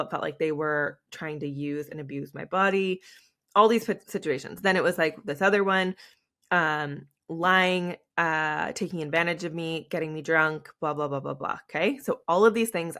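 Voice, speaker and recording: Young woman host, low voice, rambling confessional podcast talk, tearful. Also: a bit bright. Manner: candid and emotional, rambling with many fillers.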